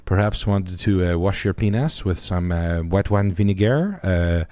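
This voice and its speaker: A stammering Frenchman who cannot get a sentence out without an uh, as a man puts him on. He has a French accent and a lowish voice. The halting speech makes him a comedic bit on a podcast. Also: mellow, no echo, close to an everyday voice. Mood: mock-solemn. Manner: hesitant, stuffed with uh fillers. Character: halting, crude Frenchman, middle-aged man.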